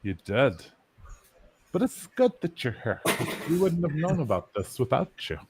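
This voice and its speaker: A man's voice: medium pitch, very animated, normal speed, background noise. A man hosting a casual, joking chat with friends, exclaiming and swearing often. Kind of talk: casual banter among friends.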